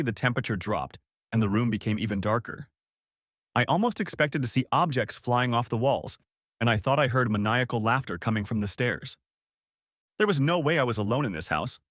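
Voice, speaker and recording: A man's voice: medium pitch, lively intonation, a little fast, a bit bright, no room sound, studio quality. A man narrating a dramatic first-person story in a scripted audiobook reading.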